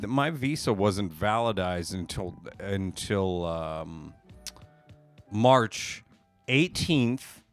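A man's voice: mid-range voice, fairly bright tone. A man telling a long story in casual podcast chat, rambling with many fillers and casual swearing. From United States. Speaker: podcast co-host.

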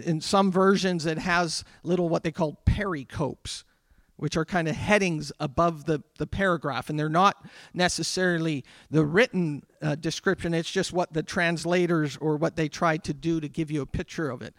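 A man preaching in a very high, bright and forceful voice, recorded close and dry with no room echo. He delivers his sermon with animated swings, reading scripture loudly and then sinking into hushed prayer. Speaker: pastor. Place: church.

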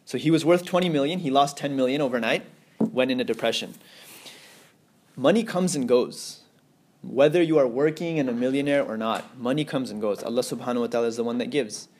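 A man's voice: medium pitch, darkish tone, a little hiss or hum. A man teaching an Islamic lecture to a class, explaining step by step, mixing in Arabic phrases and checking that students follow. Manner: explains slowly, asks class if they understand; mixes in Arabic terms and phrases.

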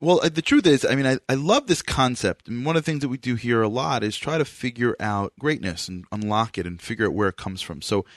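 A man from New York hosts a radio interview, speaking with a New York accent. His delivery is animated and emphatic, with a very lively swinging pitch. The sound is dry and close, with no room around it. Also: brisk, few pauses, no echo. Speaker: radio show host.

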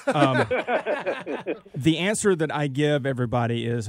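Brief: mid-voiced male chef guest, halting and agreeable, dry sound. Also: medium pitch, no room sound. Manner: agreeable, halting, restarts often. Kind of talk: casual radio interview.

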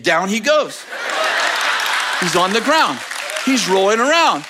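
A man telling a testimony story in a sermon, animated and often laughing as he talks. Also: high voice, moderate pace, long pauses, a crowd in the background, background noise. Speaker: preacher.

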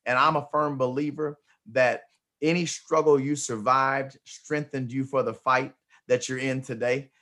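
A man's voice: medium pitch, little pitch movement, a little slow, sharp tone. A man hosting a motivational interview, talking emphatically and often repeating words as he starts a thought. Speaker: host.

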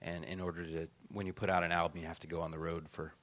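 Speaking fast in a deep voice, a middle-aged songwriter and author from the United States shares stories conversationally. His delivery is lively, full of acted-out quotes and plenty of laughs.

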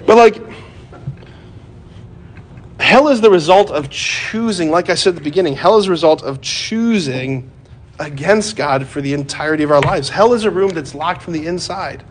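Casual, slightly high-voiced male preacher. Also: brisk, slight background noise. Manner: conversational, peppered with "like" and "right?"; joking asides, lively then hushed and grave. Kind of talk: sermon.

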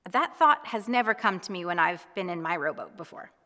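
Gentle woman preaching, echoing reverb. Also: on the low side, big pitch swings, a little fast. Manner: gentle, reassuring, reflective. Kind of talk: devotional sermon.

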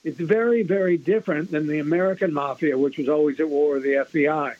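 A man speaking as an author guest in a radio interview, talking quickly and emphatically with frequent restarts. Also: a little high, fairly even intonation. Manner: fast, restarts a lot, emphatic. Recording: muffled lo-fi radio broadcast.

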